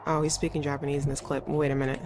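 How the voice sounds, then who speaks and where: A woman's voice: deep voice, little pitch movement, very fast. A woman streamer chatting casually while playing, often laughing and poking fun at herself. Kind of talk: casual let's-play commentary. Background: faint background music.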